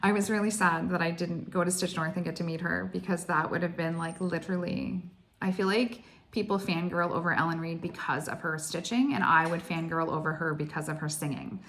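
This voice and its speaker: Excitable woman vlogger. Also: lowish voice, brisk. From Canada. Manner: excitable, gushing, heavy use of "like". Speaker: cross stitch vlogger. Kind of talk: casual chatty storytelling.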